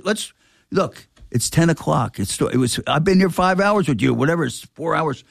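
A man's voice: on the high side, moderate pace, creaky, no room sound, clean studio sound. An older man, a record store owner telling a story in casual chat, acting out the voices of people in it. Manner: animated, acts out quoted dialogue.

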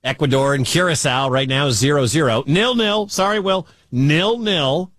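A talkative American man hosts a sports radio show from a dead, dry studio. He rambles, restarts his sentences, and gets animated when he tells a story. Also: medium pitch, a little fast, no echo. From United States. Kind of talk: casual sports talk radio.

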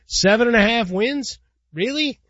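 A man's voice: very high-pitched, measured pace, pushed and bright, no room sound. A man co-hosting a sports talk show, chatting casually about football and betting, often tagging his points with "right?". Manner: conversational, tags statements with "right?", chuckles. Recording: dull lo-fi recording.

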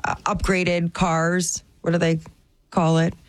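A woman's voice: lowish voice, level tone, slow pace, dry recording. A woman co-hosting a radio show, chatting casually in a playful, self-amused way and laughing often. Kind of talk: casual chat.

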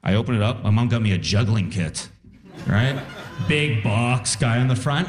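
A man's voice: mid-range voice, moderate pace, over music. A man doing a stand-up comedy set on a live stage, telling personal stories. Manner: storytelling with animated voices for quotes.

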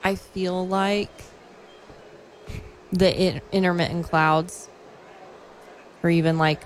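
A young woman co-hosting a show, chatting in a relaxed way and thinking out loud. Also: on the low side, slow pace, a little hiss or hum, rough recording. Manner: relaxed, laughs often, thinks aloud. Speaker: radio show co-host. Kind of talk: casual on-air banter.

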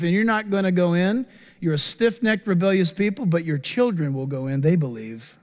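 Middle-aged guy preaching, pretty high voice, lively and jokey, church sermon. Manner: animated, joking, acts out quoted voices. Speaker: pastor.

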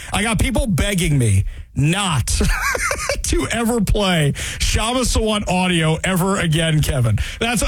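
A man hosting a talk radio show, sarcastic and animated, repeating phrases for emphasis into a studio mic. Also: high voice, slightly rough, no echo, poor audio.

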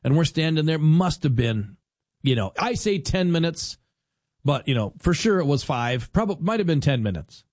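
A middle-aged man talks his way through a casual talk-show monologue. He is wry and chatty, slipping into little acted-out scenes as he goes. His voice sits a touch high, and the sound is dry and close to the mic. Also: sing-song, normal speed, a little mellow, no echo. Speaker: radio host.

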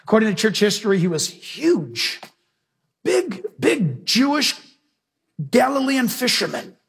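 A man's voice: high-pitched, sing-song, unhurried, breathy edge. A man preaching a sermon emphatically, often asking the congregation questions.

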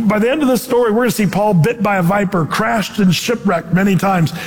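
A man preaching a sermon with an animated delivery that slips into quoted voices. His voice sits high for a man. A long hall reverb trails behind every phrase. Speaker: pastor.

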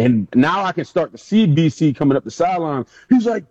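This casual interview features an ex-professional football player animatedly recounting tales from the locker room and performing other people's quotes. He speaks fairly quickly in a medium-pitched, mellow, dark voice. The recording is dry, dull and lo-fi with no room sound.

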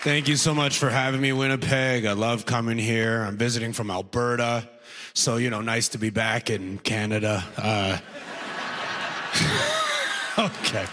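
A man's voice: medium pitch, steady tone, normal speed, long reverb tail. A man from Sudan doing a conversational stand-up set on a comedy club stage, checking in with the crowd as he goes.

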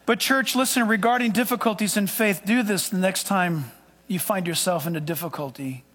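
A man preaching a sermon as a pastor, emphatic, swinging between loud declarations and hushed asides. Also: sits high, moderate pace. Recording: long hall reverb.

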